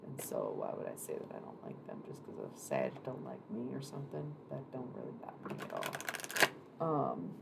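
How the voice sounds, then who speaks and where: Deep, low woman with vocal fry; casual live tarot streamer, rambly and loose. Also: huge pitch swings, moderate pace. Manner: rambling, chatty, swears casually. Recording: noisy room ambience.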